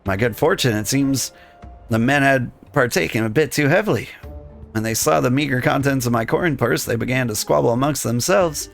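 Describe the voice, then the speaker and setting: A man's voice: mid-range voice, normal speed, gravelly, faint music behind, natural voice. A man voicing a young woman who claims to be a simple milkmaid, speaking primly and politely. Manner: prim, polite and old-fashioned. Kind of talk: reading game dialogue aloud.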